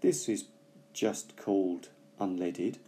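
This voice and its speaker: In a casual bilingual language lesson, a man teaches English vocabulary with a low, mellow voice. He takes his time, pausing often and thinking aloud, with many fillers along the way.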